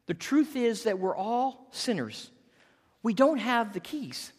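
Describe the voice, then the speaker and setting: A pastor in their fifties preaching a sermon in an earnest, animated way, often repeating words. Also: medium pitch, slow pace, breathy edge, in a large hall. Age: 50s.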